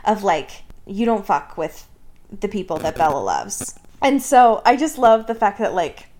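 A woman co-hosting a casual chat, recapping scenes with lots of laughter and quick mock character voices. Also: medium pitch, expressive, a little mellow. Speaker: podcast co-host. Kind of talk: casual book discussion chat.

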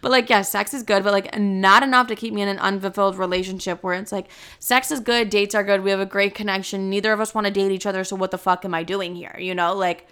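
A woman's voice: mid-range voice, fairly even intonation, fast, few pauses, fairly bright tone, clean tone. A woman in her twenties telling a dating story in a casual, chatty way, full of "like" and swear words. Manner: chatty, heavy "like" filler, frequent swearing.

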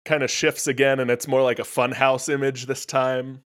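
A man narrating as game master in a tabletop role-playing game, speaking haltingly with many restarts. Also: mid-range voice, little pitch movement, fairly bright tone.

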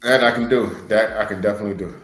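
A man's voice: fairly low pitch, steady tone, rapid-fire, a bit bright. A man who wrestles, speaking as a podcast co-host in an earnest, motivational way. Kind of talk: casual podcast chat. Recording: roomy sound with faint music.

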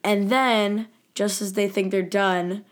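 A woman co-hosting a casual recap chat in a relaxed, easygoing way. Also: medium pitch, takes it slowly. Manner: relaxed, easygoing, laughs often. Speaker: podcast co-host.

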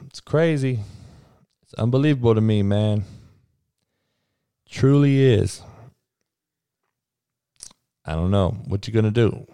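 A man's voice: fairly low pitch, mellow, clear, resonant tone, dry recording, clean studio sound. A man who is a coach and podcaster, delivering a heated monologue rant in a blunt, profane, preachy way.

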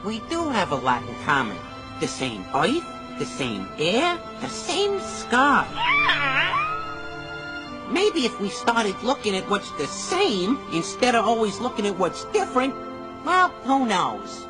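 A woman voicing a scrappy talking male cartoon cat in an animated film dub, slow and musing, with film music underneath. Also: medium pitch.

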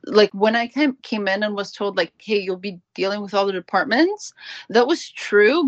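A woman tells a candid, animated story about her old workplace and acts out the people in it. The sound is dry and close, with a dull, somewhat lo-fi tone. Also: medium pitch, no room sound. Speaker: manager recounting her workplace. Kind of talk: interview testimony.

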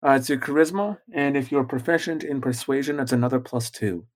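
A man narrating as game master, relaxed, with a lot of filler words. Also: medium pitch, a little fast.

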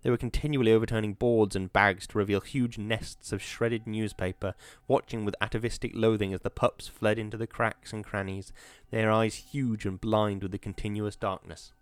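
A man reading an audiobook in a measured, atmospheric storytelling manner. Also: fairly low pitch, little pitch movement, clean tone, no room sound. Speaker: narrator. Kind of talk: audiobook narration.

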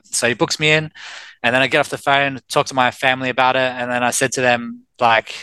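An Australian man in his thirties, a life coach telling his own story in a candid, animated way with quoted dialogue. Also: mid-range voice, a little fast, clear, resonant tone, no room sound, low-quality recording. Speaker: life coach and personal trainer, guest. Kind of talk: casual storytelling in an interview.

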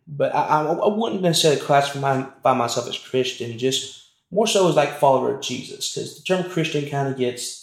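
A man's voice: mid-range voice, vocal fry. Rambling young man in a roomy space. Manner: rambling, many fillers and restarts. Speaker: interview guest telling a family story. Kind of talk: casual storytelling. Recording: roomy echo.

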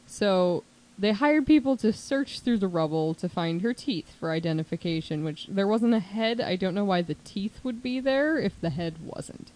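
A woman casually telling a true crime story as a podcast host, chatty and animated, with lots of "like" and quick put-on voices for quotes. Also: mid-range voice, low-quality recording.

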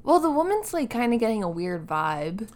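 A woman's voice: on the high side, very animated, normal speed, darkish tone. A woman co-hosting a casual movie review podcast, chatty and full of interjections. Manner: chatty, with frequent interjections and laughter. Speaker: podcast co-host.

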